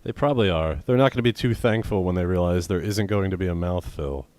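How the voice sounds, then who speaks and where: A young man with a very low voice co-hosts a comedy podcast. His delivery is deadpan and meandering, full of crude jokes and dry asides. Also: quick pace. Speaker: podcast co-host. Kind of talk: casual comedic banter.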